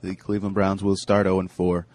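A man's voice: low voice, monotone, a little fast, a little mellow. A man on a sports talk panel who makes picks with blunt verdicts and teases the other panelists. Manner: blunt, teasing, short verdicts. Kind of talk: casual sports panel chat.

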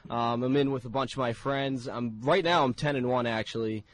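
A man's voice: medium pitch, fairly even intonation, normal speed, no room sound. A man with a Boston accent, a guest in a radio studio, chatting casually and often repeating words as he starts sentences. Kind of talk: casual chat.

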